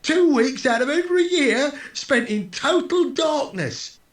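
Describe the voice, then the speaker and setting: A daft, giggly male patient in a game, his voice high and swooping, dragging out every word between little laughs. The voice rings in a roomy echo over faint game music. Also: animated, measured pace. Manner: giggles constantly, drawls oddly. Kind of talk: video game voice acting.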